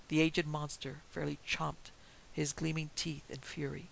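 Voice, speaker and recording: A man narrating a pulp horror story in a measured, steady reading. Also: a little high, gravelly, poor audio. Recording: faint hiss behind the voice.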